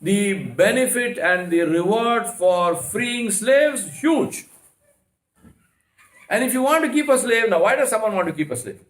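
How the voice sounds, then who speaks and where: A man lectures in a mosque with a raised, fairly high voice. He drives home each point with rhetorical questions and rapid strings of "no." His voice rings around the room. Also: lively intonation, a bit bright. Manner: emphatic, rhetorical questions, repeated "no, no, no". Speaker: Islamic lecturer. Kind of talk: religious lecture. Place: mosque hall. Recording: echoey mosque hall.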